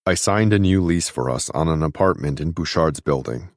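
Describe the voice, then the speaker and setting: A male audiobook narrator voicing a gentle, reassuring young man on the phone. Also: rumbling low, lively intonation, moderate pace, no echo, clean studio sound. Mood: warm. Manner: soft, reassuring. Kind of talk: audiobook dialogue.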